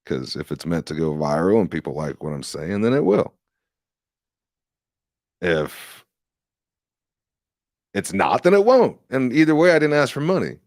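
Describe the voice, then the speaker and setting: A man with a lowish voice that swings up and down a lot as he rants through a casual livestream. He talks in a rambling, sarcastic way and swears freely. The sound is dry and close, with no room echo. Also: very animated, a little slow, pauses often, a little mellow. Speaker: livestream host and candidate.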